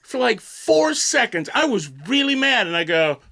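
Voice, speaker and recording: A man on a talk show telling animated stories, laughing and acting out the dialogue. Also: very high-pitched, moderate pace, vocal fry. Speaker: guest. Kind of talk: animated storytelling.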